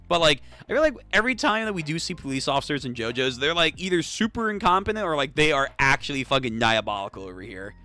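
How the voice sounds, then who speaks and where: A young adult man hosting a manga read-through, reacting excitedly, swearing and laughing often. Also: a little high.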